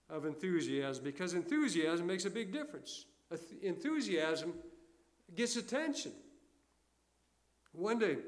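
An older man preaching a sermon in a folksy storytelling way, alternating loud emphasis with quiet asides. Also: a little high. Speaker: pastor.

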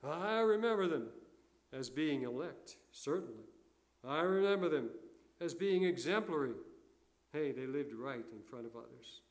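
An older man preaching a sermon in a folksy storytelling way, alternating loud emphasis with quiet asides. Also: a little high, expressive, a little slow. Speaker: pastor.

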